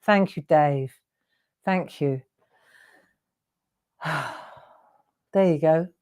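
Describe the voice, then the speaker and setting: A woman's voice: sits low, drawn-out words, mellow, clear, resonant tone. A middle-aged woman hosting a live craft demonstration, chatty and encouraging, often asking her viewers questions. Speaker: craft show host.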